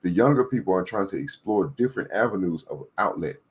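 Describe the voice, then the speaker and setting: Deep husky guy ranting about politics, preachy, keeps repeating himself. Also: expressive, fast talker. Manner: emphatic, repetitive, preachy; checks in with listeners. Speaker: political commentator. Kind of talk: ranting commentary.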